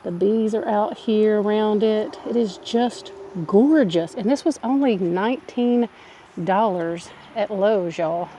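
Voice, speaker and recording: A woman's voice: medium pitch, slow pace, dark tone, a little hiss or hum. A woman talks her viewers through a yard project outdoors. She is chatty and enthusiastic, sometimes a little breathless from the work, with an everyday mid-range voice. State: out of breath at times. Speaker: vlogger. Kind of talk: casual chat while gardening.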